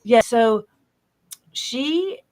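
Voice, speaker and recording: A woman's voice: fairly high pitch, lively intonation, very slow, darkish tone. A middle-aged woman, a guest in a casual interview, telling a long personal story in a rambling, self-interrupting way, often apologizing for talking too much.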